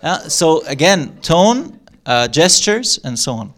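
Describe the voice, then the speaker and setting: A middle-aged man giving a live talk to an audience in a room, animated, acting out lines and laughing often. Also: a little high, slow. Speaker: workshop speaker.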